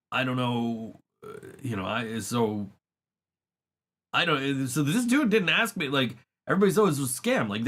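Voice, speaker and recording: A man's voice: mid-range voice, a bit bright. A man hosting a podcast, telling a long story in a casual, profane way and laughing often. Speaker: podcast host. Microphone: studio microphone.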